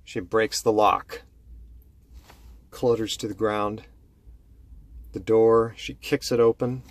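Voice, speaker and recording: A man telling a horror story slowly and dramatically, dropping low and hushed to build tension. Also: fairly even intonation.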